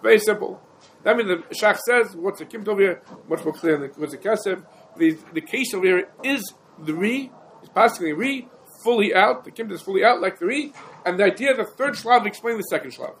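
A man teaches a halachic text in an animated lecture. He asks questions and answers them himself, in a fairly high voice. Faint room hum sits behind him. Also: a little fast, poor audio. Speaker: Talmud teacher. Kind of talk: yeshiva-style halachic lecture.

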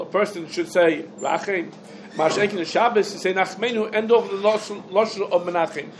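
High-voiced man giving a halachic lecture. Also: a little hiss or hum. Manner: thinks aloud, mixes Hebrew and Yiddish terms. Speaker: Torah teacher.

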